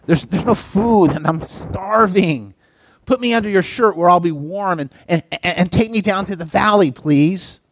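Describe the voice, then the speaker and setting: A man voicing a persuasive male talking rattlesnake that croaks and pleads in a wheedling way. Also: high voice, moderate pace, voice pushed up, low-quality recording. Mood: pleading.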